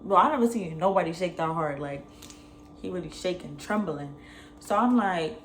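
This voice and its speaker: A young adult woman, telling a personal story in a slangy, animated way. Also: on the low side, normal speed, slight background noise. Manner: animated, slangy retelling, acts out both sides. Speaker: vlogger. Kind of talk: casual storytime.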